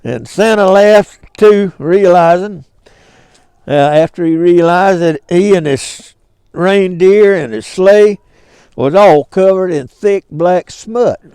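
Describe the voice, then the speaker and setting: Slow, high-voiced older Southern storyteller. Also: male voice, dark tone, smooth, no echo. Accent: Southern US, Georgia. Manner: homespun drawl, chuckling asides. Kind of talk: folksy storybook reading.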